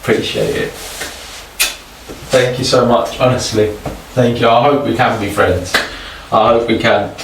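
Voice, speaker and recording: A man hunting ghosts at night in a haunted house, slowly asking the spirits questions and swearing in awe. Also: mid-range voice, fairly even intonation, background noise. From United Kingdom. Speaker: paranormal investigator. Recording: echoey room, mic at a distance.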